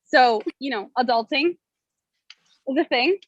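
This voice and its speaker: A fairly high-voiced young woman from Cleveland tells a personal story at a story slam in an easy, rambling way, full of "um"s and "like"s. Her voice comes through a dry, dull video call line. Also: a little slow, no echo. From Cleveland, Ohio. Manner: casual, chatty, many "um"s and "like"s. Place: outdoors at a state fair.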